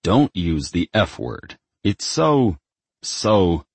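A smug, menacing devil king who growls and hisses his words, as a man voices him in a storybook reading. The voice is very deep and husky, dry and close. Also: big pitch swings, extremely slow, no echo, full character voice.

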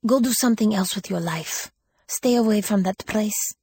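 A woman's voice: medium pitch, normal speed, a little mellow, breathy edge, no echo, studio quality, voice pushed up. A woman reading an audiobook, voicing a guarded older woman who speaks bluntly with a thick accent. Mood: sad warning.

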